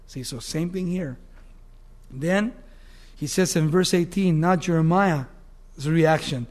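This animated sermon comes from a man whose voice runs high, and he speaks slowly, pausing often. Scripture becomes a vivid tale in his telling, and he frequently asks the audience questions while his tone swings from excited to solemn.

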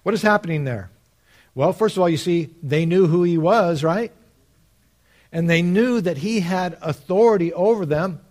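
Emphatic male preacher, higher voice. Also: normal speed. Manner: emphatic, swings from quiet to loud; argues step by step, quotes scripture. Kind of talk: sermon.

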